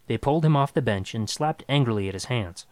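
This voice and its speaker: Lively male storyteller, dry close sound. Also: medium pitch, a little fast, dry recording. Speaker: narrator. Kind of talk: expressive storybook reading.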